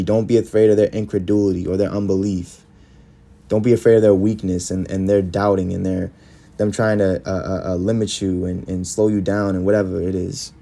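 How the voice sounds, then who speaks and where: Guy with a low mellow voice preaching, reads verses then hits short punchy lines. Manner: reads verses aloud then comments in short emphatic phrases. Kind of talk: scripture-reading sermon.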